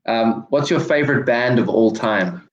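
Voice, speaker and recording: A man fires off quick casual questions to a guest, often opening with a hesitant filler. His voice sits at a middle pitch and carries a roomy echo. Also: dull audio. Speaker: interviewer. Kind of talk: quick-fire interview questions. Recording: echoey room.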